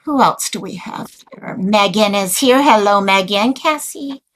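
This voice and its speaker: A woman hosting a casual livestream chat, excitable and rambling as she greets viewers and a guest. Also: mid-range voice, measured pace, a little hiss or hum, rough recording. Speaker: livestream host.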